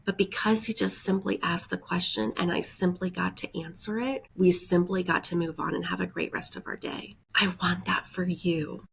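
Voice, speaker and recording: A woman's voice: lowish voice, level tone, normal speed, vocal fry, hardly any pauses, slight background noise. A woman hosting a podcast, congested from a head cold and breathing audibly, speaking earnestly in a reflective self-help monologue. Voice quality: breathes audibly with heavy sighs. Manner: earnest, encouraging, often adds "right?" and "like". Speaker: podcast host.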